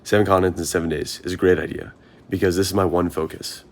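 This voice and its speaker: The voice here is a young man's: low, fast, and fairly flat in intonation. A marathon runner, he rambles earnestly through a vlog monologue, frequently questioning himself aloud.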